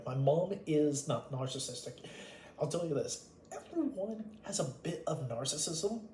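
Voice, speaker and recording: A man telling a rambling storytime monologue about his family, blunt and full of swearing. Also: a little high. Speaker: vlogger. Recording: echoey room with faint ambient noise.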